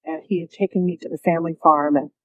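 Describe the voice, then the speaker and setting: Animated woman telling a story. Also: low-pitched, fast, no room sound, muffled recording. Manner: animated, acts out quoted voices, laughs often. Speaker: interview guest. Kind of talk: storytelling in a conversational interview.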